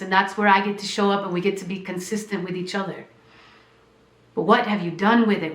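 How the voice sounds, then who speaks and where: A woman's voice: medium pitch, fairly bright tone, roomy sound. A woman hosting a spiritual podcast, speaking with emotion and a shaking voice, repeating phrases like a preacher. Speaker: podcast host and spiritual teacher. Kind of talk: heartfelt podcast monologue.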